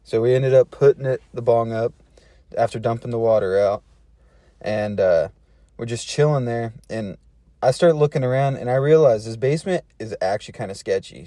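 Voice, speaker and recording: A man's voice: medium pitch, warm tone, no echo, studio quality. A man telling a funny personal story in a laid-back, slangy way, chuckling between phrases. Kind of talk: casual storytelling.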